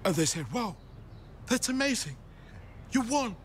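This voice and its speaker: Boastful president impression, sketch comedy, high voice, slow drawn-out delivery. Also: male voice, very animated, a little hiss or hum, exaggerated voice. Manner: slow, exaggerated, self-congratulating delivery. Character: boastful male US president impression, brash and self-praising.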